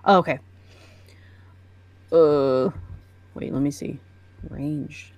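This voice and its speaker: Slow, hesitant woman player. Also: low voice, a little mellow, dry recording. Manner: hesitant, thinking aloud. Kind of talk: tabletop game play.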